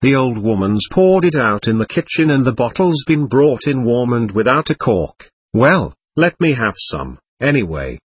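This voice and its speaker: Brief: a taunting young man, played by a male reader, husky and lively. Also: medium pitch, moderate pace, hardly any pauses, dry recording. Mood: mocking. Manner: taunting and sneering. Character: spiteful, mocking young man.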